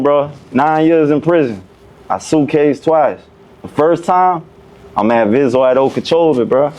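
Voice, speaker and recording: A man's voice: fairly high pitch, darkish tone. A young man guesting on a podcast, telling a prison story in heavy street slang and acting out the other people's lines. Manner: profane street slang, acts out quoted voices. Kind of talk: animated storytelling.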